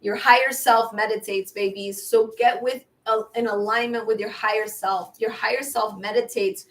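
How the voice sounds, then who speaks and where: A woman with a fairly high voice leads viewers through affirmations in a casual, repetitive spiritual pep talk. She chats warmly about meditation and keeps calling her listeners babies, her eyes watering as she speaks. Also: steady tone, normal speed. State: watery eyes from air purifier. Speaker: tarot reader.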